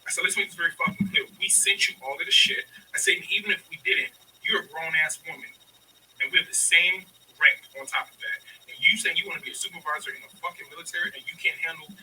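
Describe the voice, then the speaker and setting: A man's voice: fairly high pitch, fairly even intonation, fast, bright, forceful tone, far from the mic, a little hiss or hum, rough recording. A man in his thirties telling a story in casual chat, profane and emphatic, acting out both sides of the arguments. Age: 30s. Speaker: podcast host telling a story.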